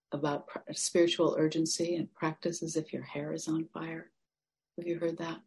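Woman, meditation teacher, dharma talk, low voice, breathy, gentle, reflective. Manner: gentle, reflective, drifting into soft near-whispers.

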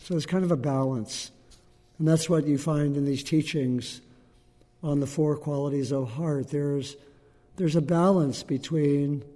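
A man giving a gentle, unhurried dharma talk to a group as a meditation teacher, pausing often. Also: on the high side, in a large hall. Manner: gentle, unhurried, with frequent pauses and fillers.

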